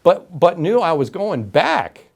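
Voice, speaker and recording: A middle-aged man from Florida, an interview guest telling his story with animated, emphatic delivery and acted-out quotes. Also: sits high, slow pace, creaky. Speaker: interview guest, game show announcer.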